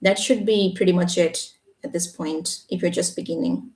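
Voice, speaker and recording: Lady english teacher on a live stream, kinda low voice, roomy echo, sounds a bit far off, keeps saying yeah?. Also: fairly even intonation, moderate pace, darkish tone. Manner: explanatory, often adds a checking "yeah?". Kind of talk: live Q&A reading viewer comments. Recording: echoey room, voice a bit far from the mic.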